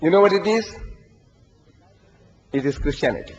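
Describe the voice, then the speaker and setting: An older man preaching to an audience, telling animated stories and reciting Arabic verses. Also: on the high side, moderate pace. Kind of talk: lecture to an audience. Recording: dull lo-fi recording, long hall reverb.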